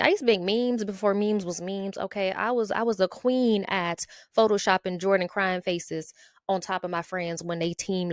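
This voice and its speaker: A woman's voice: medium pitch, dry recording. Chatty woman hosting a podcast solo. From Ohio, USA. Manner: chatty and playful, keeps tagging lines with "okay?" and "y'all". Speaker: podcast host. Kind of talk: casual solo podcast monologue.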